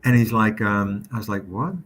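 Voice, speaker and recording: A man's voice: fairly low pitch, normal speed, a little hiss or hum. Man telling a story on a livestream. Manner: animated anecdote with quoted voices. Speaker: comic publisher hosting a livestream. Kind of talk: casual storytelling chat.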